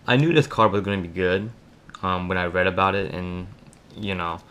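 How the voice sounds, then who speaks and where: A Florida man with a lisp walks through a card game deck, speaking fast and casually yet hesitantly, dropping plenty of ums. His voice is low, smooth, and fairly bright, recorded in a home room at night.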